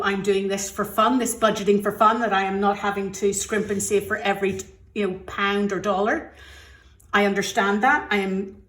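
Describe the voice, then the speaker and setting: A middle-aged woman from the UK talks openly and chattily as she counts out cash for her weekly budget. Her voice sits at an ordinary middle pitch, and the recording has a roomy, echoey quality from a room at home. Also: a bit bright. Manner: chatty, candid, gets emotional. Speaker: budgeting vlogger. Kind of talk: casual chat while counting cash.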